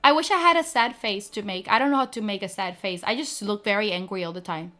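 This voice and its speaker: A woman streamer chatting casually to her viewers, talking fast and filling her speech with "like". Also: mid-range voice, a bit bright, faint music behind. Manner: fast-talking, full of "like" fillers. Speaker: streamer debuting a virtual avatar. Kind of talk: casual chat.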